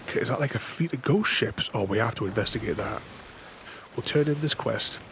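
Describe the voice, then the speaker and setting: Gravelly man rambling over gameplay. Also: medium pitch, fairly quick. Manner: rambling, self-interrupting, chuckling. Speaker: gaming channel host. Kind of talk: casual gameplay commentary. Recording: voice over steady game noise.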